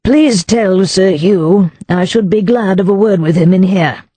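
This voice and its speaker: Proud older aristocrat, a woman playing him, formal, stiff, warm low tone. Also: a little slow, breathy edge, dry recording.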